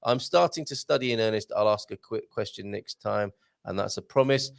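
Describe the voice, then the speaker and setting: A man's voice: fairly low pitch, a little fast, gravelly. A man from Britain hosting a casual morning live show, joking and reading out viewer comments. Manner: jokey, animated, reads viewer comments aloud. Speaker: show host. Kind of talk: casual live-stream chat.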